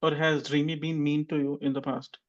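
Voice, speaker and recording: Guy teacher on a video call, bit high voice, jokey feedback, muffled sound. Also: flat delivery, a little fast. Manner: chatty, teasing. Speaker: English exam teacher. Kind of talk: online group class feedback.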